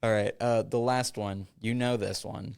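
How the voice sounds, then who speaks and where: A man's voice: fairly low pitch, fairly even intonation, gravelly, darkish tone, clear, resonant tone. A young man hosting a casual podcast, reading passages aloud and joking between them. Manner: reads passages aloud with quick asides and laughs. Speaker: podcast host.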